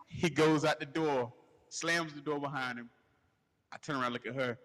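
A man's voice: on the high side, moderate pace. Guy on a podcast ranting a crude funny story, laughing a lot, big hall echo. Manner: crude, animated, laughing through his story. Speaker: podcast host. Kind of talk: casual comedic storytelling rant. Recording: long hall reverb.

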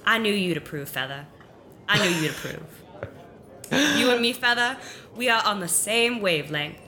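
A woman voicing an excitable scholar who gushes about her formulas, in a tabletop game. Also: medium pitch, moderate pace. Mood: gushing.

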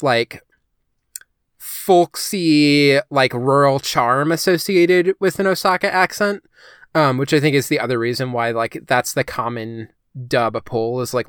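Brief: male podcast co-host, smooth resonant voice, dry close sound, rambling casual chat. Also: medium pitch, unhurried, a bit bright, dry recording. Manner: chatty, heavy use of "like" and "um". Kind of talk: casual discussion.

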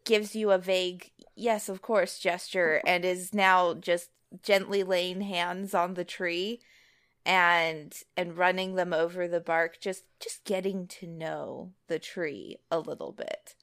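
Gentle, unhurried woman player. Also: lowish voice, fairly even intonation, clean tone. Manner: gentle, giggly narration of her character. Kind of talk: casual tabletop role-play.

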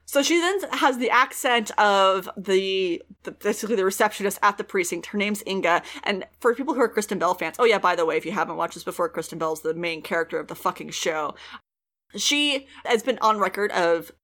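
A woman at a middle pitch talks through a show's episode plot for her podcast. She keeps it loose and chatty, swearing freely and slipping into voices for the characters. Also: a little fast. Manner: animated, swears freely, acts out quotes. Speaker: podcast host recapping a TV show. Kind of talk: casual chat.

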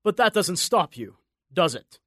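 A man voicing a menacing male Cyclops giant who taunts in a rasping, drawn-out way. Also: sits high, sing-song, bright, forceful tone, no room sound, clean studio sound, exaggerated voice. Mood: taunting.

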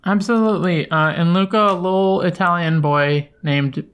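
A man's voice: sits high, normal speed, clean tone. A man co-hosting a movie podcast, making playful jokes in casual chat. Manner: jokey, playful, deadpan silly answers. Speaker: podcast co-host.

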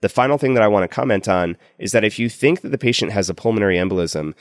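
A man's voice: fairly low pitch, lively intonation, fast, no echo, clean studio sound. A man speaking as a clinician co-host on a medical teaching podcast, explaining in an opinionated way.

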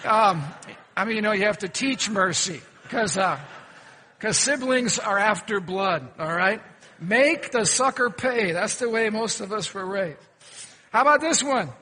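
Male pastor, very high and bright voice, folksy and questioning delivery, reverberant sanctuary sound. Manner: questioning the congregation, folksy jokes. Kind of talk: sermon with humorous stories. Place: church sanctuary.

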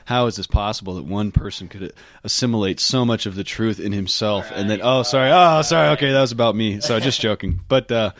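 Quick-talking joking male podcast host. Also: on the low side. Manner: quick, joking, laughs often. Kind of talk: casual podcast chat.

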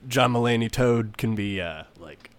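A man in casual chat, hesitant and full of fillers and restarts as he pitches ideas. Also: normal speed, smooth, no room sound.

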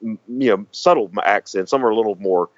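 A man with a Southern American accent talks in a very low voice, rambling through casual conversation with plenty of fillers and restarts. The sound is dry and close. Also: fast talker, no echo, dull audio. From Southern United States. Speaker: guest. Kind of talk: casual chat.

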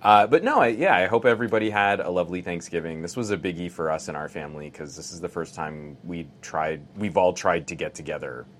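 A man's voice: sits low, quick pace, hardly any pauses, fairly bright tone, a little hiss or hum. A man co-hosting a casual tech podcast with a polished radio-announcer delivery. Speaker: podcast co-host.

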